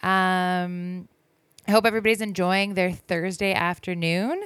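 A woman's voice: lowish voice, fairly even intonation, unhurried, fairly bright tone, smooth, no room sound. A woman in her thirties hosting a radio show, chatting casually between songs with lots of ums and self-corrections. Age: 30s. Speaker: radio host.

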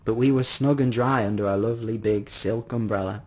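A man narrating a first-person story in an expressive reading voice. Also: on the low side, fairly quick, husky.

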